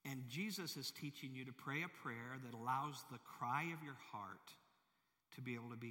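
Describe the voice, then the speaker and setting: Bright-voiced preacher in a reverberant hall. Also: male voice, medium pitch, moderate pace. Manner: emphatic preaching with rhetorical questions. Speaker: pastor. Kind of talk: sermon.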